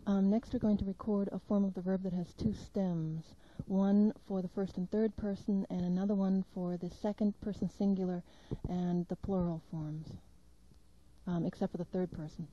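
A woman's voice: mid-range voice, fairly even intonation, normal speed, dark tone, a little hiss or hum. A woman working as a field linguist, plainly explaining the next items to record, with some hesitations. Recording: dull lo-fi 1990s tape.

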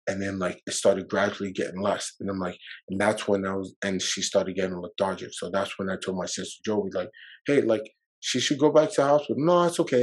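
A man's voice: lowish voice, low-quality recording. A man guest on a podcast, telling a personal story in a loose, rambling way, with fillers and swearing, emotional and at times near tears.

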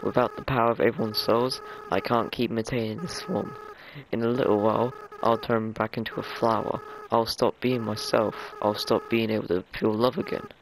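A man's voice: on the low side, steady tone, background noise, close to an everyday voice. A man reading as a tearful young goat monster prince. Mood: sad farewell. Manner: soft, halting, choked-up delivery. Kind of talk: voicing game dialogue aloud. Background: game music.

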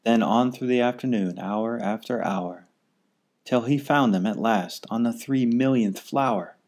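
A man reading a rhyming children's story aloud in an unhurried, steady way. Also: mid-range voice. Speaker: storybook reader.

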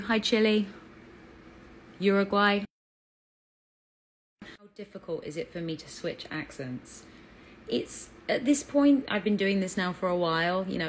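A woman's voice: fairly low pitch, slight background noise, low-quality recording. A woman with an English accent chatting on a live fan Q&A, bubbly and talkative as she greets viewers. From England. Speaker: actress answering fan questions.

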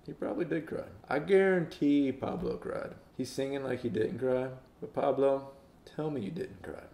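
A man talks casually through a music reaction, teasing and quoting the singer in put-on voices. His voice has a gravelly fry to it. The recording sounds roomy and echoey. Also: mid-range voice, normal speed, dark tone, a little hiss or hum. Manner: playful, mock-quotes the singer in put-on voices. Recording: roomy echo.

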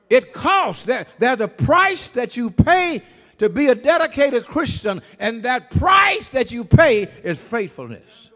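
A man preaches at a funeral in a church sanctuary, calling out to the congregation and building to shouts. His voice is very high and swoops up and down. A long echo hangs in the hall behind him. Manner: call-and-response preaching, rising to shouts. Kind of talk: funeral sermon.

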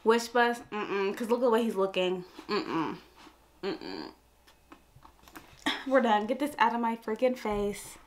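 A woman's voice: medium pitch, big pitch swings, unhurried, pauses often. A young woman hosting a reaction video, flustered and exclamatory, often talking to herself. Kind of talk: casual reaction commentary. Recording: faint music playing behind the voice.

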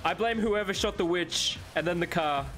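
A man casually chatting with friends while playing a co-op zombie game, excitable and jokey, yelping when things go wrong. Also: moderate pace, faint music behind. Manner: excitable, yelps high when in danger; laughs often, jokey. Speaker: gamer streaming co-op with friends. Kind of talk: casual gaming chat.

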